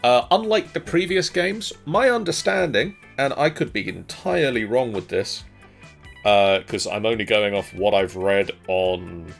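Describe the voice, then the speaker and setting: A man's voice: lowish voice, animated, a little slow, creaky, faint music behind. A man co-hosting a casual let's play, chatting hesitantly with many ums and restarts. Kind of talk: casual gaming commentary.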